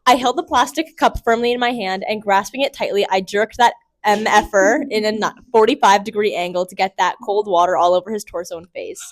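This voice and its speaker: A woman's voice: medium pitch, fairly quick. A young woman co-hosting a podcast, chatting casually and reading a story aloud, often breaking into giggles. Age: young adult. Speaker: podcast co-host.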